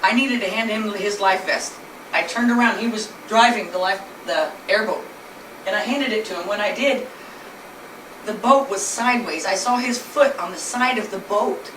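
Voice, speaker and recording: A woman's voice: mid-range voice, moderate pace, fairly bright tone. Woman telling a story in an echoey room. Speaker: speaker telling her family's story. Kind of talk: personal storytelling presentation. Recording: echoey room, distant mic, noisy.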